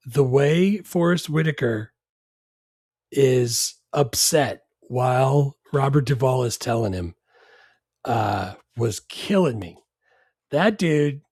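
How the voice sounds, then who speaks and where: A relaxed man chatting about movies, hesitant and full of ums, with a slightly husky edge to his middle-pitched voice. He sounds dry and close, with no room around him. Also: no echo. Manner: laid-back, hesitant, many ums, wry jokes. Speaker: podcast co-host. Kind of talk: casual movie chat.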